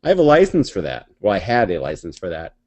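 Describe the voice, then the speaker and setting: A man's voice: sits low, quick pace. Laughing man telling barracks stories. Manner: laughing, profane, animated storytelling. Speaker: podcast co-host. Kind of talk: casual storytelling chat.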